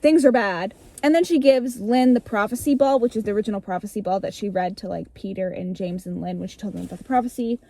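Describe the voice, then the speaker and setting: A young woman in casual storytelling to a friend, animated and breezy, swearing freely and acting out lines. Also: mid-range voice, quick pace, creaky, few pauses. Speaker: vlogger retelling her childhood story.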